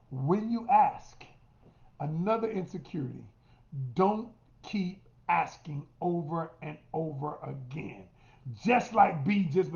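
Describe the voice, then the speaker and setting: A man's voice: fairly high pitch, creaky, darkish tone. A middle-aged man coaching women on relationships in an emphatic monologue, calling listeners "y'all" and acting out what people say. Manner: emphatic, addresses listeners as y'all, acts out quotes. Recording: roomy, dull lo-fi sound.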